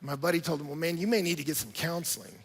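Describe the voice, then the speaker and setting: A male pastor preaches in a large church auditorium, his husky voice ringing with a long reverb. He talks in an animated way, asks the room question after question and acts out small scenes as he goes. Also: a little high, quick pace. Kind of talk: sermon.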